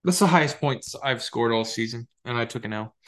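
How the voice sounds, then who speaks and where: A young man riffs about his fantasy football league on his own show, rambling and excitable. He swears freely and jokes his way through complaints. His voice sits at an ordinary middle pitch. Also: brisk. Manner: rambling, excitable, profane, jokey. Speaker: podcast host. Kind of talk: casual solo fantasy football talk.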